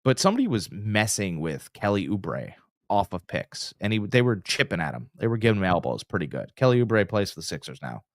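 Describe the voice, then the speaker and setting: Lively, animated male sports podcaster. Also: on the low side, brisk, no room sound, clean studio sound. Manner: animated storyteller, trails off and restarts. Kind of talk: casual sports chat.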